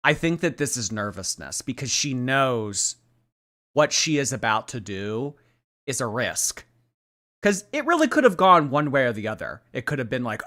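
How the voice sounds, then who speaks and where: Male stream host, bright and animated, mocking live reaction commentary. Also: mid-range voice, normal speed. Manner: animated, mocking, chatty with viewers.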